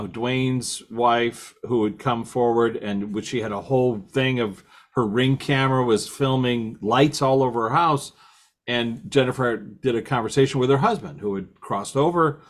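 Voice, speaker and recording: A man's voice: medium pitch, a bit bright. A man hosting a casual interview, asking long questions and restating his guest's ideas. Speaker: host.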